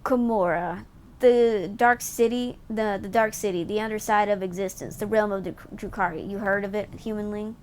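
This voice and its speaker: A woman voicing a scornful, snake-like male alien gladiator leader in a game, reading his lines slowly and haughtily, with faint background noise. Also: mid-range voice, steady tone, close to an everyday voice. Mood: haughty.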